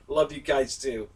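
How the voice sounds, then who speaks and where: A man hosting a live stream, chatting casually with his viewers, easygoing and quick to laugh. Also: mid-range voice, slightly rough, recorded from a distance. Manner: easygoing, laughs often, chats with viewers by name.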